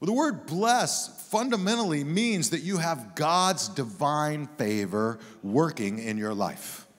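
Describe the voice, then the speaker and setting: A middle-aged man preaching a sermon as a guest pastor, with an animated, humorous storytelling manner. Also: fairly high pitch, a little slow. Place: church sanctuary. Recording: long hall reverb.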